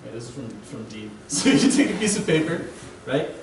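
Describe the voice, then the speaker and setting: A man's voice: medium pitch, big pitch swings, moderate pace. Young man preaching in an echoey church. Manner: casual, keeps asking "right?". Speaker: guest preacher. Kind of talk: conversational sermon. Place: church sanctuary. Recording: echoey hall, distant mic, faint hiss.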